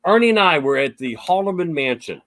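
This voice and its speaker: A man with a somewhat high voice chats on a podcast as a paranormal investigator guest. He tells his stories with animation and acts out the quotes. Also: sing-song, a little fast, a bit bright. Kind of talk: casual podcast chat.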